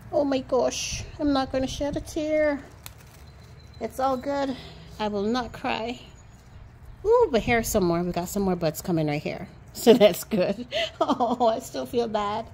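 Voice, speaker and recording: A woman's voice: fairly high pitch, background noise. A woman hosting a gardening vlog outdoors, chatting casually and playfully to the camera, teasing herself. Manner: chatty, playful, self-teasing, calls viewers beautiful people. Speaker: gardening channel host.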